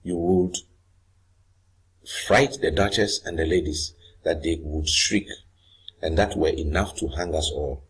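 A man teaching a literature lesson, reading lines of a play aloud slowly and then explaining them in plain words with some hesitation. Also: deep voice, breathy edge, rough recording.

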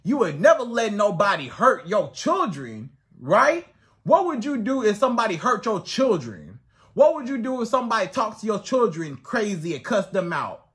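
A man's voice: high-pitched, normal speed. A man giving dating advice as a coach, talking emphatically and piling up rhetorical questions. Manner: animated, swings into acted outbursts. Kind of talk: advice monologue to camera.

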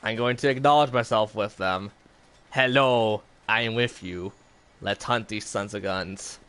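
A man's voice: fairly low pitch, a little slow, a bit bright, clean tone. A man chatting casually in a rambling way while streaming gameplay. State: has the hiccups. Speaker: gaming streamer.

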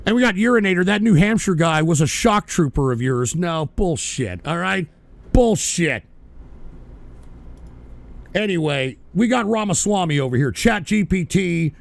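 High, gravelly, profane livestream host. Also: male voice, lively intonation, moderate pace, dry recording. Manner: profane, irritable, shouting at trolls. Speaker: livestream talk show host. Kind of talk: live call-in radio rant.

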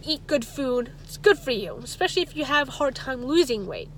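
Woman vlogger rambling to camera, kinda high voice, trips over words, gets worked up. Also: very animated, fairly quick, hardly any pauses, a little hiss or hum. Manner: rambling, stumbles and restarts words. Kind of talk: casual chat to camera.

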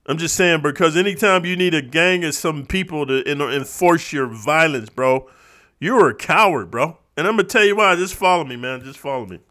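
A man's voice: fairly high pitch, bright, forceful tone. A man talking in a casual vlog monologue, streetwise and preachy, constantly calling the listener bro. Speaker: vlogger.

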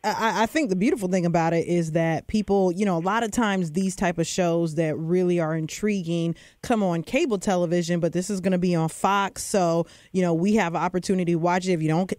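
A woman's voice: on the low side, darkish tone, no room sound, studio quality. Chatty woman co-hosting morning radio. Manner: chatty, teasing. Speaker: radio co-host.

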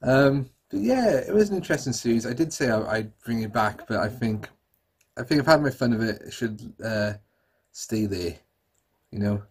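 A man's voice: medium pitch, lively intonation, moderate pace. A man, hosting his channel and chatting casually and self-deprecatingly to camera as he looks back over his old videos. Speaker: YouTuber host. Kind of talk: casual retrospective chat to camera.

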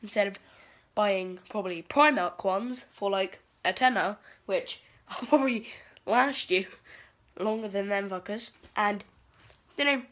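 A woman's voice: mid-range voice, measured pace, fairly bright tone. A teenage girl rambling through a sweary, exasperated vlog rant. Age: teens. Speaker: vlogger. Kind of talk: casual ranting vlog.

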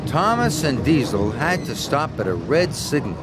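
A man narrating a children's story in an expressive, measured storytelling manner. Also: mid-range voice. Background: background music.

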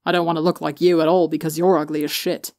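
A woman's voice: deep voice, flat delivery, quick pace, a little mellow, no echo, clean studio sound. A woman voicing a brash teenage boy, a blunt and sweary little brother who mumbles when sleepy. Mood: teasing.

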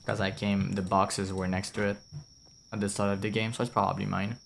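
A man's voice: lowish voice, little pitch movement, brisk, creaky, slight background noise. A young man with a French accent, rambling and chatting casually as he streams a game, swearing now and then and answering his chat. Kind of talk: casual gameplay commentary.

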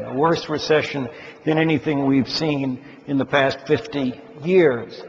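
A man giving a formal economics talk to investment advisors, measured and deliberate, stressing key words as he explains. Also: mid-range voice, steady tone. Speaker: keynote speaker addressing investment advisors. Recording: dull lo-fi sound with long hall reverb.

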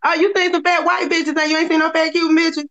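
A woman's voice: extremely high pitch, little pitch movement, fast talker, fairly bright tone. A woman hosting a casual livestream, talking in a blunt, profane and taunting way. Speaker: livestream host. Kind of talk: heated casual livestream talk. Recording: lo-fi livestream audio.

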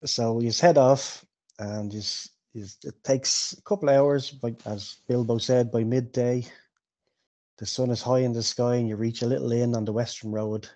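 Game master, male, relaxed chatty narration, mid pitch. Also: normal speed. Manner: loose, laughing narration.

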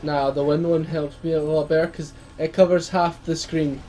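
A man's voice: fairly high pitch, level tone, moderate pace, warm tone. A man with a slightly raised voice offers laid-back, teasing remarks during a co-op game. His casual let's-play chatter sits over a faint bed of noise. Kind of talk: casual gaming commentary.

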